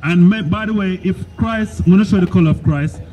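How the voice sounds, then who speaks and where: Forceful male street preacher, dark voice. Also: high-pitched, quick pace.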